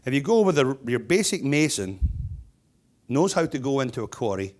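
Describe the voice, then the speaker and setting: A man's voice: medium pitch, sing-song, normal speed, darkish tone. A middle-aged man, a stonemason and business owner, giving a keynote speech full of humorous anecdotes and chatty restarts.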